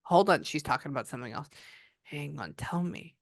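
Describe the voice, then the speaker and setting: A woman's voice: low-pitched, animated, fairly quick, gravelly, no echo, studio quality. A woman working as a psychic medium, talking casually and often breaking off to listen before passing on what she hears. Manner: breaks off to listen, relays quotes. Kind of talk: psychic reading session, casual chat.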